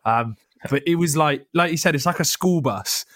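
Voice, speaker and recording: A young man, co-hosting a casual football podcast, animated and swearing freely. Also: a little high, moderate pace, no echo, clean studio sound. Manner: animated, swears, laughs often. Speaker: podcast co-host.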